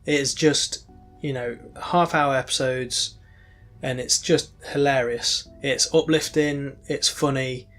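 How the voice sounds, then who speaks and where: A man's voice: mid-range voice, fairly even intonation, takes it slowly, fairly bright tone, soft background music. A man co-hosting a podcast, rambling casually with many ums and restarts. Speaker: podcast co-host. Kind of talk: casual chat.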